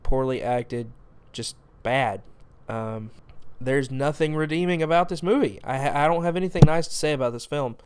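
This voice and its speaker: A man's voice: mid-range voice, clean tone. A young man hosting a movie review show, talking casually in a sarcastic, exasperated rant about a bad film.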